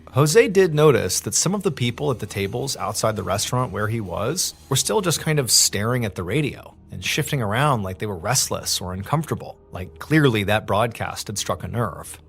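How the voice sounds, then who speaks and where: A man narrating a true story in a conversational, dramatic manner, pitching up as the tension builds. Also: creaky, a bit bright, husky. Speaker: storyteller host.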